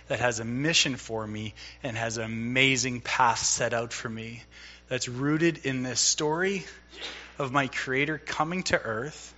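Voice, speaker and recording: A man's voice: mid-range voice, bright, forceful tone, lo-fi sound. A middle-aged man preaching a sermon in a conversational way, telling a personal story and acting out the dialogue. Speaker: pastor.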